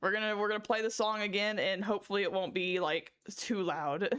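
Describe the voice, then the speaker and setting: A woman's voice: mid-range voice, fairly even intonation, brisk, a bit bright, clear, resonant tone. A young woman streamer chatting casually with her viewers, laughing hard and cursing often. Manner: giddy, laughing fits, cursing. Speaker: livestreamer. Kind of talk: casual livestream chat.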